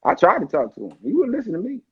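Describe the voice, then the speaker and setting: A man's voice: high voice, wildly swooping pitch, rapid-fire, slightly rough, highs cut off. A man on a casual live chat, playful and slangy, often slipping into quoted voices. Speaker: actor guest on a live chat. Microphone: livestream call audio.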